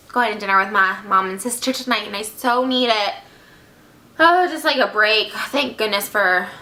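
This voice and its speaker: A woman's voice: mid-range voice, pushed and bright. A woman in her twenties, heartbroken and close to tears, rambling through a confessional vlog with lots of fillers. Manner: tearful, rambling, filler-heavy. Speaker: vlogger.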